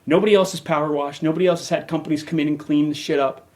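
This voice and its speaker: A man's voice: a little high, fairly even intonation, very fast, darkish tone. A middle-aged man hosting a podcast, ranting angrily and cursing heavily. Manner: profane, heated, emphatic. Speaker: podcast host. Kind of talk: angry rant.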